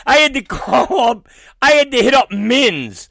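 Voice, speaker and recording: Animated high-voiced man ranting profanely. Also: a little slow, gravelly, dry recording. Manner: animated, swearing, laughing storyteller; shifts between loud outbursts and muttered asides. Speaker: podcast host.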